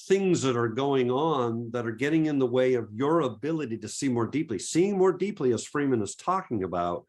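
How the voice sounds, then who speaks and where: Earnest, encouraging male presenter. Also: medium pitch. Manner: earnest and encouraging, with many repeated words and rhetorical questions. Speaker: photography workshop presenter. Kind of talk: webinar talk.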